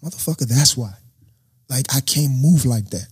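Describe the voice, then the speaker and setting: Young man telling a story, husky voice. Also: mid-range voice, normal speed, dry recording. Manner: animated storyteller acting out quotes. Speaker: guest. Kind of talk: casual storytelling.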